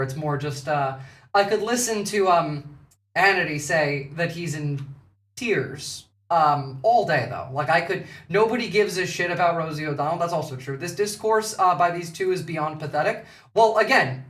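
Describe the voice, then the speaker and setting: A man's voice: fairly high pitch, fairly bright tone, roomy sound, distant mic. A man giving casual, profane, sarcastic commentary during a political live stream.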